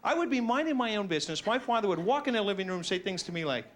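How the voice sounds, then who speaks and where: A man doing a stand-up routine, self-mocking and animated, slipping into silly voices. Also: sits high, racing. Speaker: stand-up comedian.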